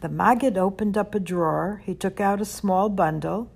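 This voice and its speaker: A woman reading a children's story aloud, gentle and expressive. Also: medium pitch, normal speed, creaky, slightly rough.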